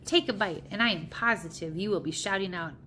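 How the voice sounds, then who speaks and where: Woman doing the gentle, earnest BFG. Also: brisk, a little hiss or hum, lightly acted. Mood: coaxing. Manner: pleading and earnest, in a higher voice. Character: kindly big friendly male giant, gentle and clever.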